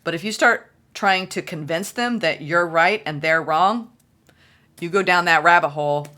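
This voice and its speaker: A woman giving a solo tarot reading, excitable and gushing, repeating phrases for emphasis. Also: fairly low pitch, moderate pace. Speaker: tarot reader.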